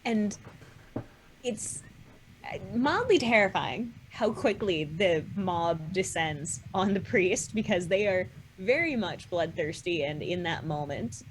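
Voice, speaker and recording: A woman co-hosting a podcast, chatting casually with frequent laughs and quick enthusiastic asides. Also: on the low side, expressive, a little hiss or hum. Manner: warm agreement, giggly, quick asides. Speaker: podcast co-host. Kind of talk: casual discussion of an animated series.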